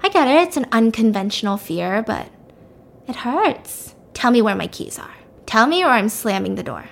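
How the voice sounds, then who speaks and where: A woman voicing a calm young male psychopath killer in a story, speaking quietly and casually threatening. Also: on the high side, moderate pace, gravelly, exaggerated voice. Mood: menacing.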